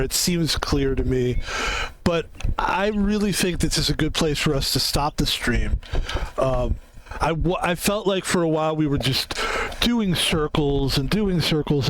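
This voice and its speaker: A man's voice: fairly high pitch, fairly bright tone, slight background noise. A man streaming a video game and musing aloud in casual, rambling commentary.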